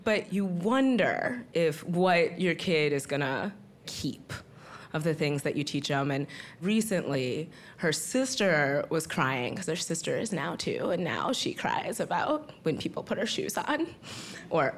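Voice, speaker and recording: A woman's voice: sits low, big pitch swings, unhurried, a little hiss or hum. Laughing woman telling a stage story. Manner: chatty, laughing often. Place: stage at an open-mic story slam.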